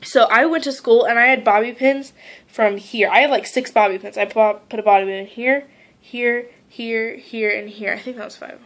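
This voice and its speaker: A teenage girl vlogging casually, rambling through a story with lots of "like" and quoting people in lively voices. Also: fairly high pitch, normal speed. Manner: heavy use of "like".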